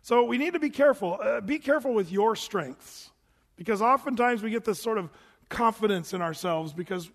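Man preaching, conversational, animated asides, high voice, long hall echo. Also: moderate pace. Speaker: pastor. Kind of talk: sermon.

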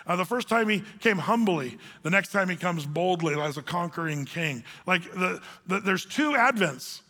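A man preaching a sermon in an easygoing, folksy manner, his voice high and bright. It rings out with the long reverb of a big hall, as if recorded in a church sanctuary. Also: animated, normal speed. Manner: folksy, conversational preaching with colloquial words. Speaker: pastor. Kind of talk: sermon, verse-by-verse Bible teaching.

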